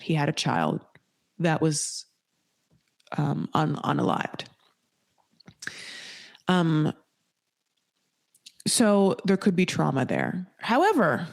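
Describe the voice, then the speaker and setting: A woman's voice: fairly low pitch, gravelly. A woman hosting a casual recap podcast, talking bluntly and with lots of swearing. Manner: blunt, profane, animated. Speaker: podcast host. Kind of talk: casual reality-TV recap commentary.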